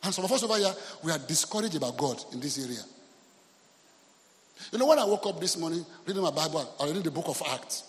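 A man with a Nigerian accent preaching a sermon, telling a story in an animated way and mixing in Yoruba phrases. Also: a little high, fast, long reverb tail. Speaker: pastor. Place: church hall.

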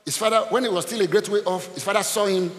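A male pastor delivers a lively sermon in a slightly high voice. He swings from quiet asides into shouts, repeats phrases and calls out to the congregation. A long hall reverb trails each line. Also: fast talker. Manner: animated preaching, bursts into shouts, repeats himself; addresses the congregation with call-and-response.

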